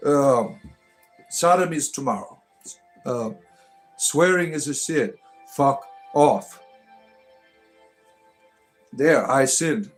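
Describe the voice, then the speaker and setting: A man's voice: medium pitch, animated, drawn-out words, pauses often, soft background music. A middle-aged man hosting a casual livestream, answering chat with irreverent jokes and mock-preachy asides.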